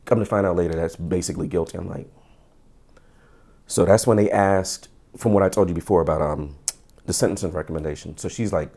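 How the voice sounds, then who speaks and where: A middle-aged man with a gravelly, fry-laden voice sitting low in his range. He tells his story as a podcast guest, animated and acting out what others said, often stammering and restarting his sentences. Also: fairly quick. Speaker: podcast guest, former police officer. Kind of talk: casual storytelling interview.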